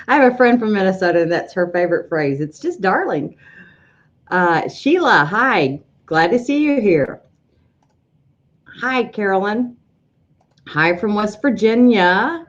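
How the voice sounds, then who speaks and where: Chatty woman hosting a lo-fi livestream. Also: mid-range voice. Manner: chatty, rambling, with frequent ums. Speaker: host of a live sewing software show. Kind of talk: casual livestream chat greeting viewers.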